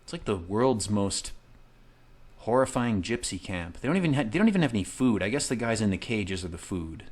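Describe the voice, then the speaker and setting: Man, thirties, gamer commentary, profane, rambling jokes, lively pitch. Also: brisk. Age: 30s. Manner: profane, jokey, rambling asides. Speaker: video game streamer. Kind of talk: comedic let's-play commentary.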